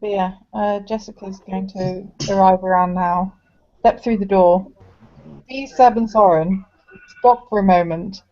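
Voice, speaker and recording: A woman playing a tabletop game, describing her character's actions in a relaxed, matter-of-fact way. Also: mid-range voice, unhurried. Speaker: player. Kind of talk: casual tabletop game chat. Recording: muffled lo-fi recording.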